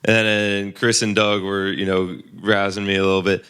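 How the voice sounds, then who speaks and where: A man's voice: lowish voice, little pitch movement, moderate pace, sharp tone, clean tone. A young man talking as a guest in an easygoing, wry way. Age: young adult. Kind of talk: casual chat.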